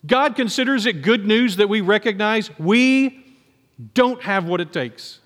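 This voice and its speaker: A man preaches in a church sanctuary, his fairly high voice carried by a long hall reverb. He drops to quiet scripture reading, then bursts into excited, animated lines. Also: measured pace. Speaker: pastor. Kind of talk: sermon.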